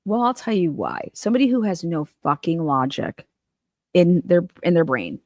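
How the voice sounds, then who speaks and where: A woman's voice: lowish voice, sing-song, moderate pace, a little mellow, no echo, clean studio sound. A woman hosting a livestream, ranting about a trial in blunt, sarcastic, heavily profane casual commentary.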